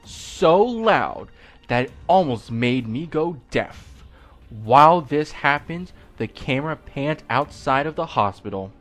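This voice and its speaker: A man reading a creepy fan story aloud, slowly, breaking off for joking asides and corrections. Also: a little high, sing-song, a bit bright, soft background music. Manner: slow, with asides and self-corrections. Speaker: creepypasta reader.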